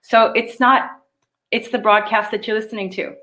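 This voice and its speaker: A middle-aged woman hosting a live spiritual show, coaching viewers through their questions in a loose, animated way, swearing casually and laughing often. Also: a little high, normal speed.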